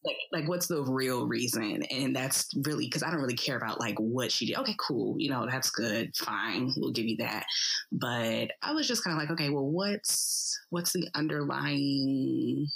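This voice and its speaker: A woman co-hosts a laid-back podcast from her bedroom, her voice very low with a husky edge. She muses hesitantly and restarts her thoughts often. Her speech is full of likes as she works her way to a point. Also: animated, normal speed, fairly bright tone, low-quality recording. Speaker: podcast co-host. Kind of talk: casual podcast chat.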